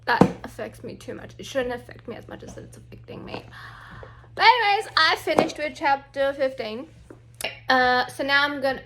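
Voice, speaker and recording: Young woman, fairly high voice, book vlogger; excitable, gushing fan energy, casual profanity. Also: noisy background. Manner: gushing, excitable, swears freely. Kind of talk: casual reading vlog.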